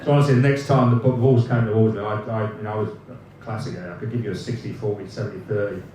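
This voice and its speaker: A low-voiced man in his fifties tells old dressing-room stories at a live evening event, laughing through them and swearing freely. He trips over his own sentences as he goes. The sound is very roomy and echoing, with the mic some way off and a faint hum of ambience behind him. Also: fairly even intonation, quick pace, dark tone, distant mic. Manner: laughing often, swearing, rambling restarts. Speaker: former footballer guest. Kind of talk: live storytelling anecdotes.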